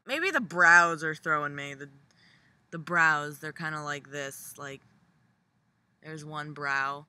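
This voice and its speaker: Brief: young female vlogger, snarky comedic rant, very bright cutting voice, dry close mic. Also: animated, measured pace, no echo. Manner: sarcastic, profane, jumpy pitch for mock quotes.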